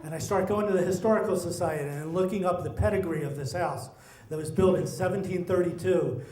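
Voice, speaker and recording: A middle-aged man telling a personal story, animated and acting out the voices of the people in it. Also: high-pitched. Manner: animated, acts out quoted voices. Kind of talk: personal story told to an audience. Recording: echoey room.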